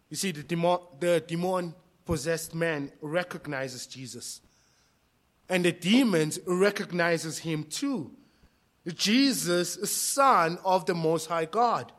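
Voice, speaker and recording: Give me a male pastor preaching slowly with impassioned swings from hushed to loud. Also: on the high side. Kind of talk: sermon.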